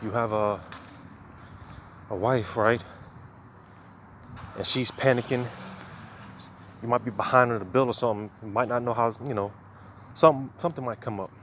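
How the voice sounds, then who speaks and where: A man's voice: medium pitch, fairly even intonation, moderate pace, long pauses, fairly bright tone, a little hiss or hum. A man giving a casual, conversational sermon, reading scripture and talking it over with many "man" and "you know" asides. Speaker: religious teacher.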